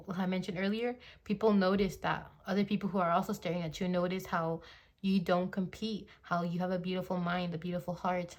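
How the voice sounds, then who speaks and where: Chatty young woman, lowish voice. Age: 20s. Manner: chatty, rambling, many fillers like "like" and "you know"; puts on gushing quoted voices. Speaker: tarot reader. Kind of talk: casual tarot reading to camera. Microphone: phone.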